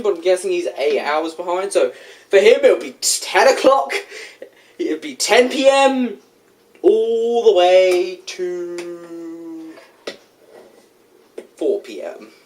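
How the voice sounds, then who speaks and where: A woman from the UK, chatting excitably while she reacts to a video. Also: medium pitch. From United Kingdom. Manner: excitable, chatty, quick to exclaim. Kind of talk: casual reaction commentary.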